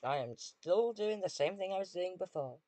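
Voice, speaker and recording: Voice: mid-range voice, expressive, normal speed, warm tone, dry recording. A British streamer chatting casually with viewers while playing a game, dry and self-deprecating.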